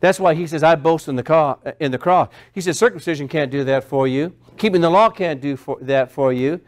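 A man's voice: fairly high pitch, brisk. A male pastor preaching a sermon, repeating phrases and building emphasis as he goes.

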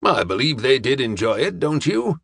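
A man's voice: mid-range voice, big pitch swings, moderate pace, vocal fry, fairly bright tone, breathy edge, no room sound, studio quality, full character voice. A man voicing a nervous male American tourist who stammers when flustered.

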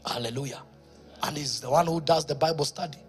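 A man with a Kenyan accent, a pastor preaching a sermon in church, moving from quiet storytelling to loud exhortation. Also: fairly high pitch, fairly quick, soft background music.

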